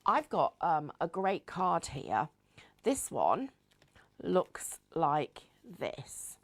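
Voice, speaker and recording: A woman's voice: deep voice, wildly swooping pitch, extremely slow. A woman hosting a live craft show, chatting in a rambling, giggly way. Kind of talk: live crafting demonstration chat.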